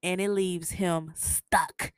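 A woman's voice: on the low side, fairly even intonation, takes it slowly, smooth, dry recording, studio quality. A woman podcaster recapping a TV episode in a casual, opinionated and slangy way, often laughing. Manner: chatty, opinionated, slangy, laughs at her own jokes.

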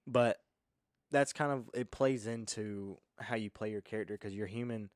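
Laid-back low-voiced young man explaining. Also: normal speed, dry recording, clean studio sound. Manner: relaxed, filler-heavy explaining. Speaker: podcast host and game master. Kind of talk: casual explanatory chat.

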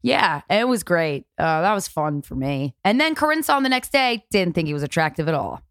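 A woman's voice: on the low side, very animated, a little fast, no room sound, clean studio sound. A woman co-hosting a podcast in casual chat, telling brash stories with swearing and laughter. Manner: brash, storytelling, swears freely, laughs often. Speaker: podcast co-host.

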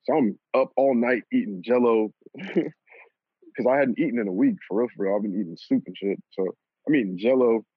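Young guy telling a story loose and lively, kinda husky, tinny phone-line sound. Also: medium pitch, normal speed, no echo. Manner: animated, laughs at himself, swears casually. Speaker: guest telling a personal story. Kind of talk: casual storytelling. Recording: lo-fi phone-like audio.

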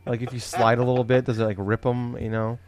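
A man's voice: mid-range voice, level tone, fast, a crowd in the background. A man hosting a podcast in casual banter, joking, laughing easily and swearing offhand. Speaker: podcast host. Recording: noisy with clicks in background.

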